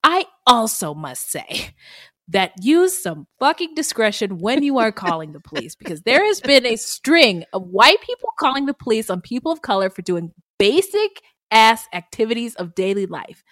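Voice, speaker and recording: A woman co-hosting a casual true-crime podcast, animated and profane, and she often laughs mid-sentence. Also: a little high, normal speed, no room sound, studio quality. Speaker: podcast co-host.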